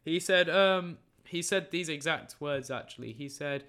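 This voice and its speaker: A man with a fairly high, bright voice hosts a football podcast, reading scores and lineups in a chatty, jokey, opinionated results roundup. He's unhurried yet barely pauses.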